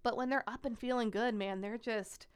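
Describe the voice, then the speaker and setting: A young woman working as a pediatric nurse, telling stories in an animated interview with many "like" fillers. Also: fairly high pitch, moderate pace, clean tone. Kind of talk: conversational interview storytelling.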